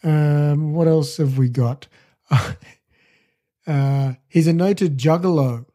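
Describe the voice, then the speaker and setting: Mellow-voiced man reading trivia. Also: a little high, takes it slowly. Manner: reads trivia aloud with hesitant fillers. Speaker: podcast co-host. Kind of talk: casual chat.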